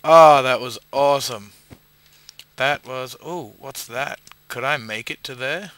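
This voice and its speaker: A man with an Australian accent, a bit drunk, giving casual gameplay commentary and swearing loudly at his own failed jumps. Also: mid-range voice, unhurried, dry recording. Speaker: gamer playing a parkour map.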